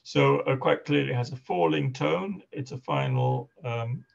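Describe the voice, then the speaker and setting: A man's voice: mid-range voice, unhurried, gravelly, highs cut off. A man giving an academic seminar talk as a linguistics lecturer, speaking hesitantly with many fillers and restarts.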